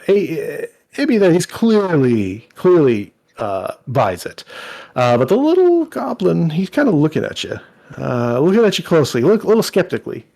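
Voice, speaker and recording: A man's voice: fairly high pitch, gravelly, a little mellow. A man narrating a tabletop game as game master, rambling with frequent restarts. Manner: rambling, many restarts and fillers.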